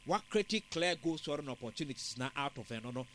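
A man giving football analysis on a sports talk show, in a measured, analytical way. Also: fairly high pitch, lively intonation, a bit bright, a little hiss or hum.

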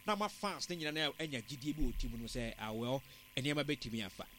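A man giving football analysis on a sports talk show, in a measured, analytical way. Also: medium pitch, expressive, a bit bright, a little hiss or hum.

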